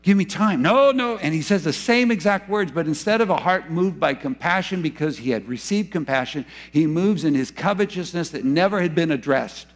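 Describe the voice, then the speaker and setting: A man preaching a sermon as pastor in a church, moving between hushed, slow lines and loud, urgent ones. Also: on the high side, lively intonation. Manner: dramatic retelling with acted quotes, swinging between hushed and loud.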